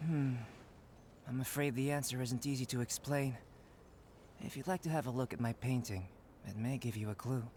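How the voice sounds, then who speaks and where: An actor playing a calm, detached young alchemist and painter who talks in an even, scholarly, slightly bored cadence. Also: male voice, mid-range voice, moderate pace, slight background noise, lightly acted.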